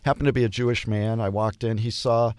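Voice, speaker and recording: Older man, hospital chaplain, animated storyteller, dry close sound. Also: fairly low pitch, brisk, clean tone, no echo. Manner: animated storyteller, acts out dialogue. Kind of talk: storytelling interview.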